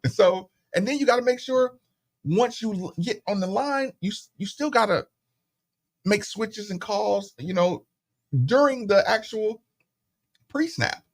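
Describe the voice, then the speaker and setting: Into a studio microphone, a middle-aged man hosting sports radio tells lively, laid-back stories, voicing the people he quotes. His voice sits high, and he's unhurried.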